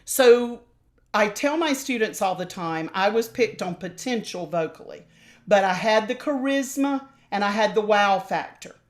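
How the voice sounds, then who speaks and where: An older woman with a warm Southern drawl tells stories about her career with lively, theatrical flair. She slips into the voices of the people she quotes. She is talking over a video call. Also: mid-range voice, unhurried. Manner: animated storyteller, acts out quoted voices. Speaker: opera singer and voice teacher, guest.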